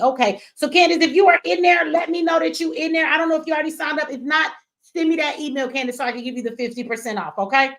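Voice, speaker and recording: A woman's voice: high voice, quick pace, a bit bright. Woman chatting on her live stream from home, slangy and loose, cusses a lot. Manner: reads viewer comments aloud. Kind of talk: casual live stream chat.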